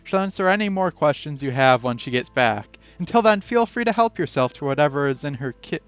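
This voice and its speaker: A man's voice: a little high, expressive, fairly quick, no echo. A man reading a text game aloud in a casual playthrough, chatty and breaking off to add his own comments. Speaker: game player and narrator. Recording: dull lo-fi audio with faint music.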